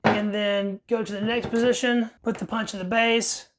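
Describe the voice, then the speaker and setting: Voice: medium pitch, little pitch movement, normal speed, music in the background. A rifle reviewer giving a wry, plain-spoken running commentary over a workbench teardown. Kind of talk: casual workbench narration.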